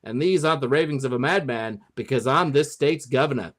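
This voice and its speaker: A man's voice: medium pitch, a little fast, close to an everyday voice. A man playing a smug, boastful 1940s governor in an old-timey mid-Atlantic announcer manner, as a comic monologue.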